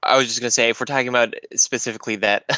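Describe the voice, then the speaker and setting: A man with a bright, crisp voice making thoughtful points on a film podcast. The sound is dry and close, with no room echo. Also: medium pitch, fairly even intonation, fast. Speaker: podcast co-host. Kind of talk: casual podcast chat about a film.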